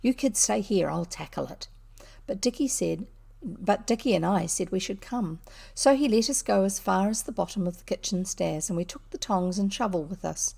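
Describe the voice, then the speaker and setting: A woman reading a classic children's novel aloud in a lively, unhurried way, with a few slips. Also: medium pitch, vocal fry. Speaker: audiobook reader. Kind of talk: storybook narration.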